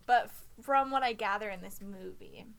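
A woman's voice: mid-range voice, moderate pace, vocal fry, fairly bright tone. A woman co-hosting a casual chat, earnestly talking through her views with lots of "like" and "um". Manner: earnest, explaining, with fillers. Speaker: podcast co-host.

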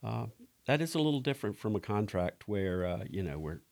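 A man's voice: fairly low pitch, sing-song, gravelly, darkish tone. A middle-aged man, talking casually on a podcast and restarting his sentences often. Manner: halting, with many restarts. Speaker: director of ministries.

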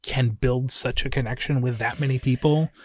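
A woman's voice: very deep voice, fairly even intonation, normal speed, no room sound, studio quality. A woman co-hosting a podcast in casual chat, listening closely with many mm-hmms and adding wry remarks. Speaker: podcast co-host.

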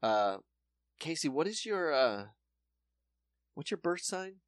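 Animated male podcast storyteller, dry close mic. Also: a little high, slow pace, no room sound. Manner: animated storyteller acting out quotes. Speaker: podcast co-host. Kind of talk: casual chat, retelling a true crime show.

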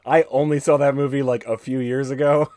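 A man's voice: mid-range voice, flat delivery, brisk, a little mellow, dry recording. A man co-hosting a podcast in casual chat, sarcastic and profane, ranting and joking. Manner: sarcastic, profane, rants with jokey put-on voices. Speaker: podcast co-host.

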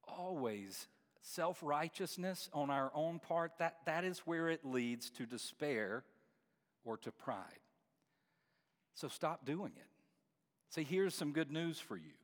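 A man's voice: a little high, lively intonation, slow pace. Earnest man preaching, long hall echo. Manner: earnest, repeats words, rises to emphatic peaks. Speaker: pastor. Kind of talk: sermon.

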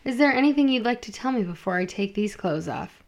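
A woman's voice: a little high, lively intonation, a little fast. A woman voicing a bold, forward woman at a bawdy house, teasing and flirtatious.

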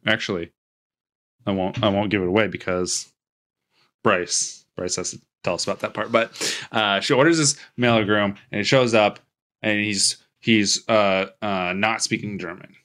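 Rambling, jokey man with a lowish voice. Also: a bit bright. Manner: rambling and jokey, with frequent restarts and playful quoted voices. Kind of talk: casual chat recapping a movie.

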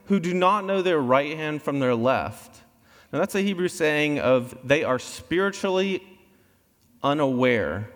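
A man gives a sermon, talking through scripture casually and with animation. His voice sits at an ordinary middle pitch. A long reverb trails his words through a large hall. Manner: conversational, animated scripture explanation. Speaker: pastor.

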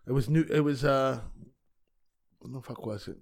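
A middle-aged man tells wild, profane stories in a loose podcast chat. He's a stand-up comic who jumps into other people's voices as he goes, speaking in an ordinary mid-range pitch. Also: normal speed, creaky, dry recording, clean studio sound. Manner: profane, animated storyteller acting out quotes. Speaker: podcast guest, stand-up comedian. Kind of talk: casual storytelling chat.

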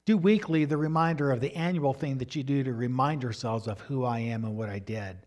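A man preaching a sermon with emphatic delivery, swinging up and down in pitch and loudness, and referring to slides as he teaches. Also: brisk. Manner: emphatic preaching, rising and falling in pitch and volume. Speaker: pastor.

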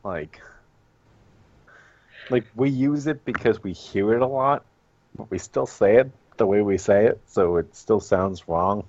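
Lowish man from the Northeast. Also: moderate pace, darkish tone, dry recording, lo-fi sound. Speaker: podcast co-host. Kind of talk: casual chat.

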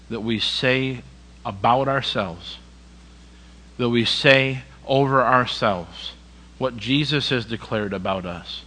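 A man's voice: mid-range voice, fairly bright tone, in a large hall, slight background noise, rough recording. A man preaching a sermon in a church, with emphatic repetition and direct questions to the congregation. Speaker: pastor.

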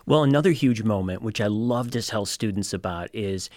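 Low-voiced male host, dry sound. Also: moderate pace, darkish tone, no room sound. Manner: prompts the guest with setup questions. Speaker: podcast host. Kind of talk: interviewing.

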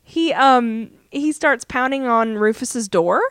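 A woman with a somewhat high voice co-hosts a casual podcast, recapping a TV show scene by scene. She rambles, padding her sentences with "um" and "like." The recording is dry and close, with no room sound. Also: takes it slowly, fairly bright tone, clean tone, no echo. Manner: rambling retelling full of "um" and "like". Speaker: podcast co-host.

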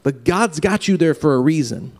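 A man preaching a farewell sermon in an earnest, halting way, often repeating words as he speaks. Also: a little high, expressive, a little mellow. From Louisiana. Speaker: pastor.

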